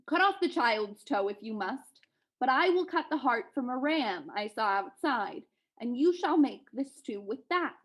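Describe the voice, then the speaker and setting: A woman's voice: fairly high pitch, expressive, unhurried. A woman reading aloud and voicing a bold young prince who brags. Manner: bragging. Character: bold young male prince, boastful and clever.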